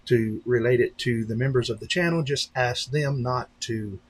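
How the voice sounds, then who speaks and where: A man hosting a casual live stream, rambling along with many fillers and restarts and slipping into lively voices when he retells a story. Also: medium pitch, moderate pace, breathy edge, poor audio. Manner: breaks into animated voices when retelling stories. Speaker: channel host on a live stream.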